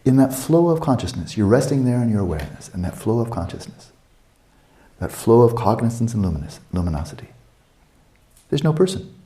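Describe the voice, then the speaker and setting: A man's voice: medium pitch, big pitch swings, a little fast, mellow, echoey room. An older man giving a meditation teaching at a retreat, conversational and playful, acting out little quotes.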